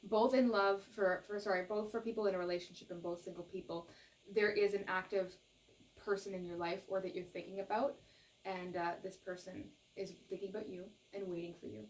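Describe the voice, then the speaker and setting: A woman's voice: mid-range voice, steady tone, a little fast, distant mic, poor audio. A woman giving a tarot reading to camera, earnest and reassuring, often checking in with "okay?" and gushing with emotion. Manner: gushes with emotion. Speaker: tarot reader.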